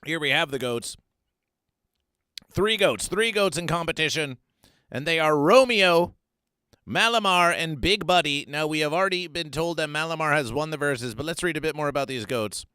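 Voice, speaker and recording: A male comic host delivers mock-news commentary with theatrical swings between hushed asides and loud outbursts. His voice is bright and slightly high, with a smooth, clear tone. The sound is dry and close. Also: normal speed, no room sound.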